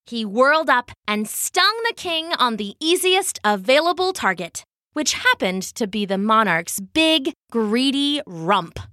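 A woman host reads a children's story aloud with lively, expressive storytelling. Her voice is slightly high and bright, and her pace is unhurried. The recording is dry and close to the mic. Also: no echo. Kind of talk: scripted children's story narration.

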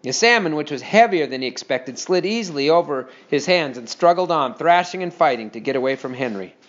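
A man reading a children's story aloud with steady, expressive storytelling. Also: fairly high pitch, brisk. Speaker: narrator. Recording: dull lo-fi recording.

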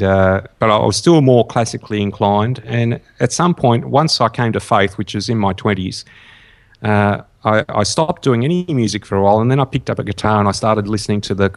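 An older man with an Australian accent, a songwriter guest chatting in an interview, hesitant and full of ums and restarts. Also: on the low side. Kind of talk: casual interview chat.

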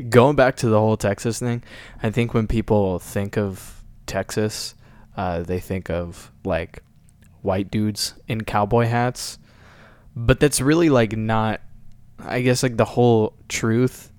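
A man's voice: lowish voice, steady tone, takes it slowly, darkish tone, clean tone, no echo. Young man, dry close voice, crude slang. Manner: laid-back, crude slang. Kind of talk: casual chat.

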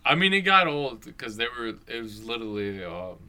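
A man's voice: mid-range voice, very animated, moderate pace, pushed and bright. A young man co-hosting a podcast in casual chat, laid-back, swearing freely. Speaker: podcast co-host.

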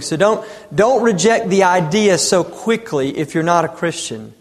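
A man's voice: sits high, big-room sound. A man in his thirties preaching a sermon, asking rhetorical questions and pressing his points with emphasis. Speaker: pastor.

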